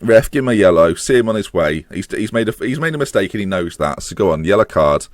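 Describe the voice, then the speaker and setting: A man commentates live on his football management game. His voice is lowish but very animated, leaping high-pitched whenever a goal looks close and dropping to groans and muttered curses. The sound is dry and close, with no room around it. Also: fast talker, no echo. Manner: excitable, voice climbs high-pitched as chances near; swears and groans at the match. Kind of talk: live let's-play commentary.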